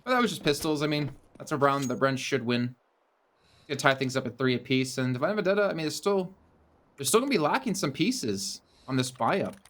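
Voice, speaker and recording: A man's voice: medium pitch, animated, fairly quick, a bit bright. Dry-humored male esports caster. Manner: dry, teasing banter. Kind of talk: esports commentary.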